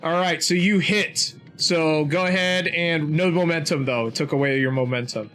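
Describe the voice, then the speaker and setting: A man narrating a tabletop role-playing game as game master, describing the action slowly and with many fillers. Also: fairly high pitch, a bit bright, faint music behind.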